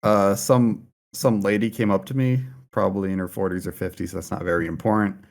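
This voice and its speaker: A man's voice: deep voice, steady tone, a little fast, gravelly, a little mellow. A young American man co-hosting a podcast, telling stories casually with hesitant restarts. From United States. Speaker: podcast co-host. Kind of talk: casual chat.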